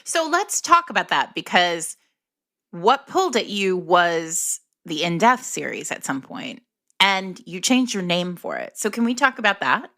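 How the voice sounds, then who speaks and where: A woman co-hosting a podcast, asking questions in an unhurried, lively up-and-down way. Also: on the low side, vocal fry. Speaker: podcast co-host. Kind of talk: interview questions.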